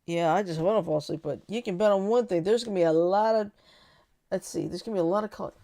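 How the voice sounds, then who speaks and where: A woman co-hosting a casual talk show, chatting with animated delivery and frequent laughter. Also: mid-range voice, fast. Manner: animated, laughs often, quotes cartoon lines. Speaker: podcast co-host. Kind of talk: casual chat.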